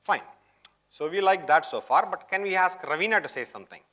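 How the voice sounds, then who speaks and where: Guy doing a live tech demo at a conference, high-ish voice, chatty, keeps asking the room if they got it. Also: expressive, fairly quick, fairly bright tone. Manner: chatty, keeps checking in with the audience. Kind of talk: live coding demo talk. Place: conference hall.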